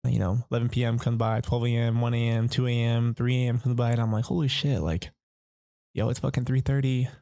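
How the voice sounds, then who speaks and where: A man's voice: mid-range voice, level tone, brisk, vocal fry, warm tone, no echo. A young man casually telling a long personal story, rambling and profane, full of fillers like "like" and "you know.".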